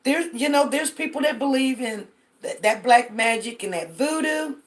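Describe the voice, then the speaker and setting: A woman's voice: high-pitched, normal speed. A woman hosting a casual live stream on her phone, chatting to viewers and telling stories with lots of fillers. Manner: chatty, storytelling, addresses viewers directly, many fillers.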